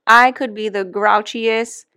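Young woman podcast co-host, slightly higher voice, blunt casual venting with swearing. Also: steady tone, slow, sharp tone, smooth. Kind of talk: casual chat.

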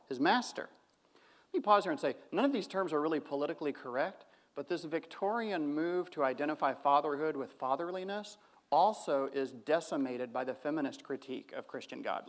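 A man with a fairly high voice reads out a theology paper at a lecture. He works through long quotations and stops now and then for relaxed asides and small fillers. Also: gravelly. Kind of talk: academic paper presentation.

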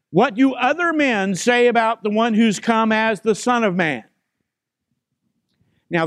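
A man's voice: high-pitched, a bit bright, no room sound, studio quality. A man preaching a sermon as pastor, stressing key phrases by repeating them and putting questions to the congregation.

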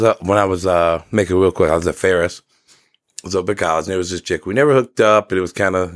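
A man's voice: low-pitched, a bit bright, no echo. A young man on a podcast, casually telling stories and acting out quotes in raised voices. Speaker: podcast co-host. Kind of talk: casual chat, storytelling.

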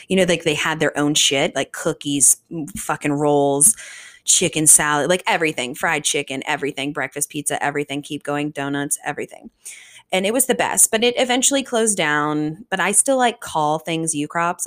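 A woman in her twenties from the Richmond, Virginia area, hosting a podcast in casual solo chat, animated and swearing freely. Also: low voice. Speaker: podcast host.

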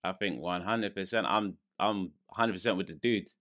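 A man's voice: low-pitched, moderate pace, a bit bright. A man co-hosting a casual podcast, giving firm opinions. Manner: firm, opinionated, frequent "mm" backchannels. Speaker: podcast co-host. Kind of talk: casual chat, opinion discussion.

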